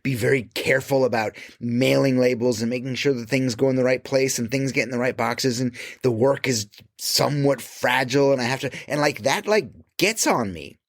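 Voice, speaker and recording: A man speaking as a creative coach in an emphatic motivational monologue, swearing casually and dropping to quiet low asides. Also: no room sound, clean studio sound.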